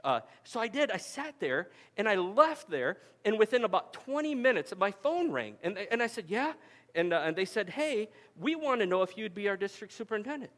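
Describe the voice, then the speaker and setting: A man in his forties delivers a sermon with a notably high voice. He tells stories in a loose, conversational way, often doubling back on his words as he goes. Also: very animated, moderate pace, fairly bright tone. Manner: conversational storytelling with frequent restarts. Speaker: pastor. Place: camp meeting hall.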